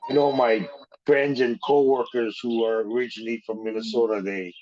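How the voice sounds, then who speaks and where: A man's voice: medium pitch, normal speed, soft background music. Chill hawaii guy asking questions, mid voice, kinda dull muffled recording. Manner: relaxed, conversational questions. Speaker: host. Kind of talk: casual interview. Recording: dull lo-fi sound.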